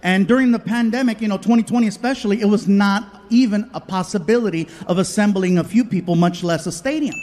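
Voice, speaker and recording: A man telling an animated stand-up comedy story on stage, acting out the people in it. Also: high-pitched. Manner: animated storytelling, acts out voices. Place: stage before a live audience. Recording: live show with audience noise.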